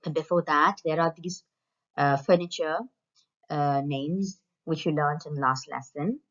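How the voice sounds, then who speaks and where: A woman with a low voice gives a recorded lesson to school pupils, saying each phrase slowly and then again. The sound is dull and lo-fi, as from a plain home recording. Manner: slow, repeats phrases for pupils to copy. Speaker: French teacher.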